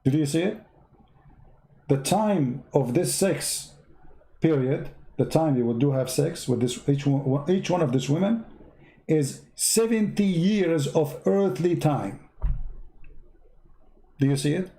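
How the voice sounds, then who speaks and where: Man, mellow tone, fairly high voice, sarcastic commentary, broken English. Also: expressive, slow pace, gravelly, long pauses. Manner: mocking, teasing, talks in broken English. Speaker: online religious debater.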